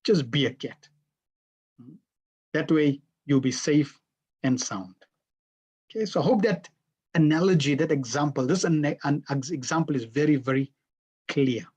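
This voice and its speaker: Husky, mid-pitched class teacher, interactive and questioning, video-call lesson. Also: normal speed, long pauses, darkish tone, highs cut off. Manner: questions the class and repeats answers back.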